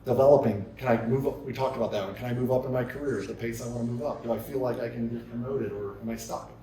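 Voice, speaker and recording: A keynote speaker with a medium-pitched voice talks fast to an audience in a large conference hall, with slight background noise. He tells energetic stories and fires off rhetorical questions, heard through a distant mic in the echoey hall.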